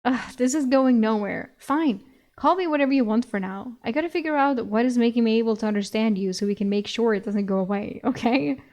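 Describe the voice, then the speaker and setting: A woman's voice: on the high side, fairly quick, darkish tone, close to an everyday voice. A woman voicing an exasperated young heroine in a novel she reads aloud, firing off incredulous retorts. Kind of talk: reading a novel aloud with voices.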